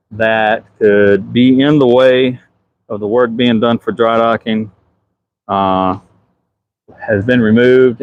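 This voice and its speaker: This muffled clip has a Southern-accented man speaking in a lowish, somewhat dark voice. As superintendent of the ship, he films a relaxed live stream from its deck and responds to comments from viewers.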